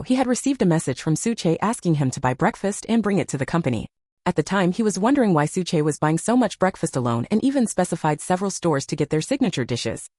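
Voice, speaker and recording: A woman's voice: fairly low pitch, dark tone, no echo, clean studio sound. Woman reading a romance novel aloud. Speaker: narrator. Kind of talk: scripted narration of a romance novel.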